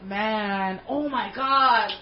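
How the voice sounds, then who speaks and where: A woman telling a long story in casual chat, animated, swearing a lot and using slang. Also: medium pitch, extremely slow, roomy sound, highs cut off, a little hiss or hum.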